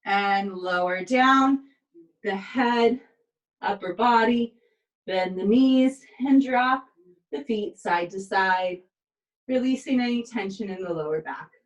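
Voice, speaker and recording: A tired woman instructor calmly cueing pilates moves and counting through the reps, recorded on a camera mic a few steps away in an indoor studio. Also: mid-range voice, slow, recorded from a distance, dull audio. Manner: calm step-by-step cueing with counts. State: tired, yawning. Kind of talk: guided exercise instruction. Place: indoor exercise space.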